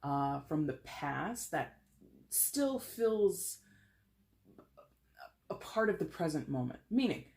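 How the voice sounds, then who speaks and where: A woman in her thirties giving a casual tarot reading to camera, chatty and animated, often laughing and playing with voices. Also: low-pitched, slow, pauses often. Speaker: tarot reader.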